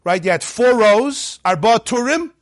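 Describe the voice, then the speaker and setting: Male Torah teacher, high-pitched and animated, dry close sound, acts out little dialogues. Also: measured pace, no room sound. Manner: mixes Hebrew text readings with English explanation. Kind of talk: lively Torah class lecture.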